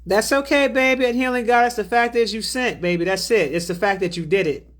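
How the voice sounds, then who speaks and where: Woman, livestream host, spiritual healer; relaxed drawl, affectionate, reads chat aloud. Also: fairly high pitch, a little fast. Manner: drawling, affectionate, calls viewers baby and beloved. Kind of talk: livestream chat, reading out viewer donations.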